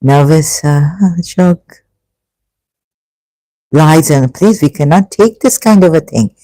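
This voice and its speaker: A vlogger talking through an emotional personal monologue, halting and sighing, with frequent restarts, stopping to read passages aloud. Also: mid-range voice, lively intonation, dark tone, no room sound, rough recording. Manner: reads passages aloud between remarks.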